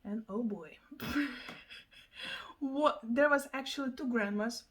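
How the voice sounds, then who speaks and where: A young woman with a high, bright-pitched voice talks straight to her viewers in a casual vlog. She is excitable and laughs often, exclaiming as she goes. She is from Lithuania, with Lithuanian as her first language. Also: slow. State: out of breath. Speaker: vlogger. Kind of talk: casual vlog chat to camera.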